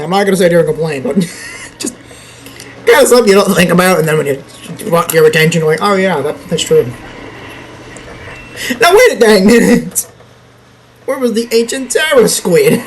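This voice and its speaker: A man's voice: sits high, sing-song, normal speed, long pauses, a little hiss or hum, poor audio. A young man giving casual gameplay commentary, rambling and laughing often. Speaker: gameplay YouTuber.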